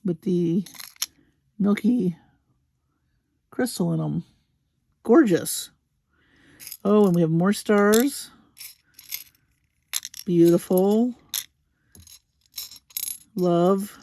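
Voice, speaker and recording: A woman hosting a crafting video, gushing slowly and admiringly over beads with soft exclamations as she unboxes them. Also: lowish voice, gravelly. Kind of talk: unboxing commentary.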